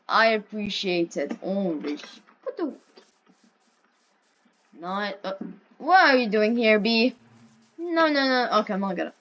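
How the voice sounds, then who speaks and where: A woman's voice: mid-range voice, animated, unhurried, pauses often, a bit bright, lo-fi sound, a little hiss or hum. A woman casually commenting on her gameplay, playfully talking to the characters on screen and pleading with them in mock panic. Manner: playful, talks to game characters, yelps and mock pleas. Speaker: gaming video creator.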